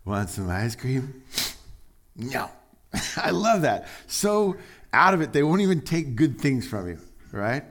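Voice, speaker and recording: A man preaching a sermon in an animated way, with loud emphatic bursts and quiet low asides, acting out the voices of the people he quotes. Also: slow, pauses often. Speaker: pastor.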